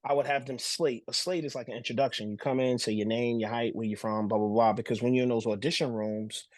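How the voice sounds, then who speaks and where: A man from New Jersey, a podcast guest telling stories in casual talk, animated and full of restarts. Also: medium pitch, quick pace, dry recording. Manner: animated storyteller, acts out voices, frequent restarts. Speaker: podcast guest, former pro basketball showman.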